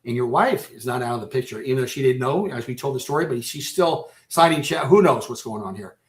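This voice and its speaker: Man, radio guest, emotional, halting, stop-start speech, average pitch. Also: lively intonation. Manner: halting, repeats and restarts phrases; emotional, close to breaking down. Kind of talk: personal storytelling in a radio interview.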